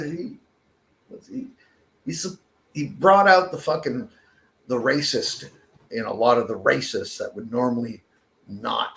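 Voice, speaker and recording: A man's voice: medium pitch, creaky. A Canadian man ranting in a casual podcast chat, swearing constantly. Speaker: podcast co-host. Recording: echoey room.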